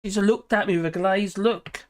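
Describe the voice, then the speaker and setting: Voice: medium pitch, steady tone, moderate pace. A live-stream host, chatting casually and reacting to viewer comments in a scattered, talkative way.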